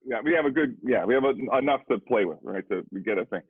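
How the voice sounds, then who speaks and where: A middle-aged man, a guest drummer and educator, telling a story in a rambling, animated way, with lots of repeated "I said.". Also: medium pitch, fast, breathy edge, no room sound. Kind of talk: casual storytelling conversation. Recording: dry, tinny phone-like sound.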